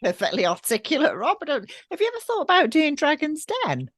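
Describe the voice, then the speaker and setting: A woman's voice: high-pitched, big pitch swings, a little fast, fairly bright tone, no room sound, studio quality. A woman hosting an interview in a chatty, encouraging way. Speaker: interview host. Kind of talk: casual interview chat.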